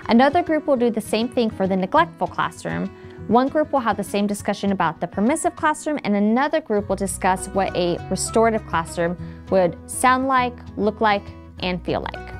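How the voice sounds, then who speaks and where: A woman's voice: on the high side, a little mellow. A woman in her thirties giving scripted, friendly instructional narration for a teacher training video. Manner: friendly, acts out quoted phrases. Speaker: trainer for educators.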